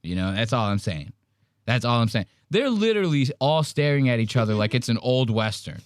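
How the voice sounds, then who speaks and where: A male podcast host talks in an animated, profane way, his pitch jumping all over as he acts out the people he quotes. The sound is dry and close, with almost no room echo. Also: a little fast. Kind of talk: casual commentary on clips.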